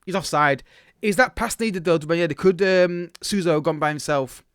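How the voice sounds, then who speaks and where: A man talks through a football management game, reacting as it unfolds and restarting his sentences. His voice is smooth and fairly high. The sound is dry and close to the mic. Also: normal speed, a bit bright, no echo. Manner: chatty, reacts live to the match, many restarts. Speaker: gaming YouTuber. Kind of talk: casual game commentary.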